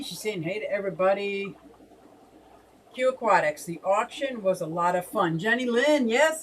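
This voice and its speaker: A woman's voice: medium pitch, far from the mic, slight background noise, low-quality recording. A woman co-hosting a casual fish hobby live stream, chatting and laughing as she reads out viewer comments.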